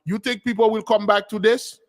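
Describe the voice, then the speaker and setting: This spiritual teacher runs his own channel and speaks in a high-pitched, flat, somewhat quick manner. His livestream talk is loose and wandering, peppered with questions for viewers, all heard through long reverb.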